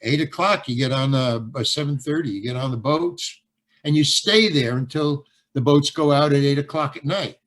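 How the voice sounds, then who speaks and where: An older man, an actor and stand-up comedian, telling a story in an interview, halting and repeating words as he goes and acting out both sides of the dialogue. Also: fairly high pitch, fairly bright tone.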